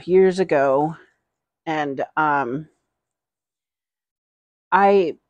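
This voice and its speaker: A woman's voice: fairly low pitch, a little mellow, no echo. A middle-aged woman vlogger in casual, rambling haul chat, giggling often.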